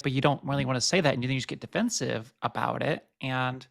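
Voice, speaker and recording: A man's voice: medium pitch, brisk, gravelly. A man co-hosting a podcast, thinking aloud in a reflective, conversational way and asking follow-up questions. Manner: thoughtful, musing aloud, asks follow-up questions. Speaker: podcast co-host.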